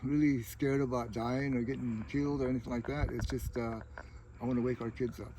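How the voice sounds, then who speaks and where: A man's voice: mid-range voice, fairly even intonation, brisk, background noise. A middle-aged man talking through personal stories in a casual interview, rambling and dropping "you know" again and again. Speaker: tribal chair candidate.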